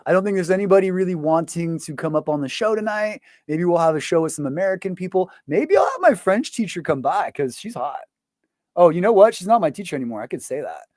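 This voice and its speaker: Male host, fairly high voice, dry close sound, loose profane rant, lots of fillers. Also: very animated, fast talker, a little mellow, no echo. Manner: profane, rambling, full of fillers. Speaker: show host. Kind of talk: casual ranting monologue.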